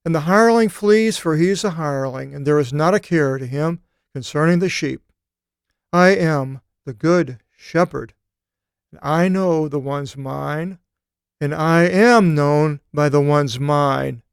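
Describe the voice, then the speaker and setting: A man teaching a Bible study seminar, reading scripture aloud and explaining it, with thoughtful pauses and occasional fillers. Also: fairly high pitch, creaky, clean tone, dry recording, clean studio sound.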